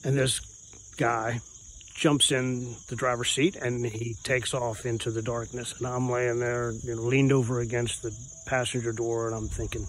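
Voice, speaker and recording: Brief: middle-aged male storyteller, ordinary mid voice, halting and urgent, faint cricket noise behind. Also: medium pitch, steady tone, low-quality recording. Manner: rambling and intense, with many restarts and "you know"s. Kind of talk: telling a true story from his youth.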